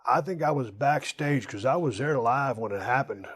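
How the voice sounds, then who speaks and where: A man hosting a podcast, telling a story with animated, profane energy and bursts of laughter. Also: medium pitch, normal speed, husky. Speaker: podcast host. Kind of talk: casual interview chat.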